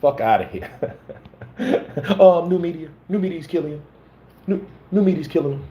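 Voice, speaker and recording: Man putting on a brash boxing streamer, cocky, dismissive, higher pitched. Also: expressive, normal speed, lo-fi sound, natural voice.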